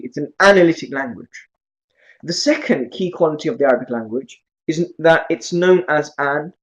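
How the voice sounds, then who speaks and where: A man with a fairly high voice teaches a class of students. He lectures with lots of energy and keeps asking his listeners questions as he explains. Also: low-quality recording. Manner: lively, asks many questions. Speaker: Arabic teacher.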